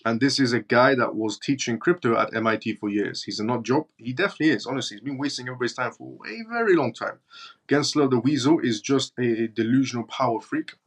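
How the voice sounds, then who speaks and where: A man's voice: mid-range voice, quick pace. A man with a British accent hosting a live stream, reading news and viewer comments aloud in a blunt, mocking way. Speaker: crypto livestream host.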